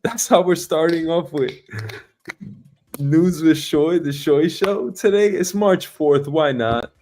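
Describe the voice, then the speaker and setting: A man's voice: on the high side, slow, mellow, faint music behind. A man hosting his own livestream, ranting casually with lots of swearing and mocking laughs. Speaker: livestream host.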